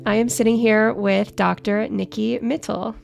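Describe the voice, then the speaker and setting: A woman podcast host giving a calm, measured scripted introduction. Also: medium pitch, creaky, music in the background.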